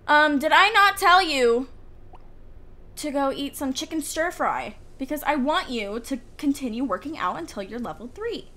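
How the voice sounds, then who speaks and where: Her voice sits high, bright and forceful, with lively intonation at a normal speed. She's a young woman and gaming YouTuber casually commentating a life-sim game at home, chatting, giggling, and talking to her characters. The room's window is open, letting in faint outdoor ambience.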